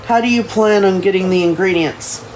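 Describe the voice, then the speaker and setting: Reader doing a grave ghost man, disapproving, read-aloud novel, mid pitch. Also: moderate pace, a little mellow, a little hiss or hum, lightly acted, rough recording. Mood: wary. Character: brooding ghost man, serious and wary. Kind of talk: reading a novel aloud on a livestream.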